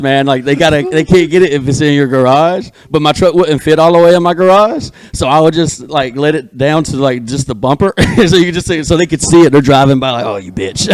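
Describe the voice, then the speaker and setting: A man on a comedy podcast tells a rowdy story with lively energy and laughter breaking through. His voice sits slightly high, and the sound is dry and close with no room echo. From Alabama. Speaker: comedian guest.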